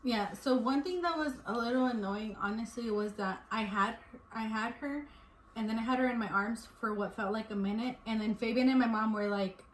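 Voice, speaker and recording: Animated young woman in an echoey room. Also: a little high, moderate pace. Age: 20s. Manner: animated storytelling, laughs often. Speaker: vlogger and new mother. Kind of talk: casual chat. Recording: echoey room with faint noise.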